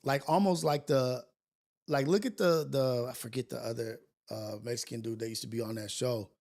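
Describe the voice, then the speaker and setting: A man's voice: medium pitch, moderate pace, creaky. A man hosting a morning livestream show, talking in a casual, slangy way with plenty of swearing. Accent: Californian English. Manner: animated, swearing, slangy, laughing often. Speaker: podcast host.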